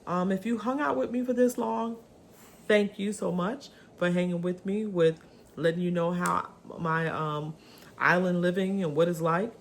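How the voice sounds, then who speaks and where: Brief: lower-pitched woman vlogger, chatty and animated, with a faint hiss behind her. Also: moderate pace. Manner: chatty, animated, swooping pitch, many ums. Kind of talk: casual chat to camera.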